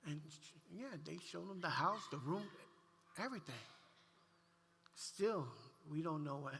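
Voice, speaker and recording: A man preaching a sermon, telling a heartfelt personal story with animated delivery and frequent restarts. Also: a little high, a little slow, gravelly, noisy background. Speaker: pastor. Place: church sanctuary. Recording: long church hall reverb.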